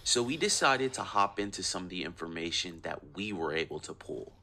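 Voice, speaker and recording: Very deep, bright-toned male narrator. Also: expressive, brisk, slight background noise. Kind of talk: documentary narration.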